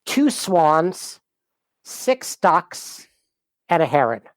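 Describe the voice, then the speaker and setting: A man's voice: on the high side, big pitch swings, very slow, no room sound. A man who runs a small business, talking as a podcast guest in an easygoing way, laughing often, heard on a close mic. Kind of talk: casual conversation.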